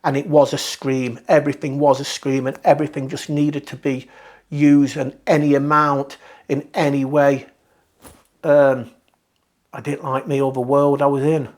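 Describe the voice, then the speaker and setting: A man's voice: mid-range voice, level tone. Candid British man recalling hard years. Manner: candid, reflective, halting with restarts. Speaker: guest telling his recovery story. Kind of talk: personal testimony.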